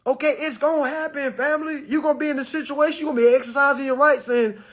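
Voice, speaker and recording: A young man telling a story to his audience, acting out the quotes with sudden high bursts and laughs. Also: steady tone, quick pace, a bit bright. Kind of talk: animated storytelling talk.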